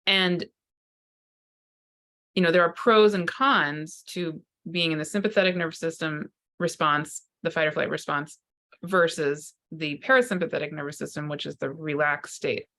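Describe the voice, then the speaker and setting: This is an unscripted spiritual talk to camera by a woman who works as a psychotherapist and spiritual teacher. She speaks at normal speed in a low voice with fairly even intonation and a fairly bright tone, earnestly searching and often restarting sentences.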